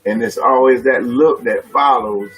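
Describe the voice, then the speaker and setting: A man's voice: mid-range voice, measured pace, fairly bright tone, breathy edge, faint music behind, rough recording. A man hosting a live stream, talking through relationship advice with many questions and repeated phrases. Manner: questioning, repeats himself, preacher-like. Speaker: host.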